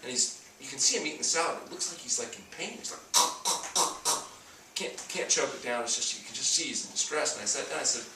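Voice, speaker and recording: A man's voice: mid-range voice, animated, brisk, background noise. A man giving a talk on health to an audience, telling stories and acting out the people in them. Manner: storytelling, acts out dialogue. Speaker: doctor giving a talk on fasting. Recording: echoey room, mic at a distance.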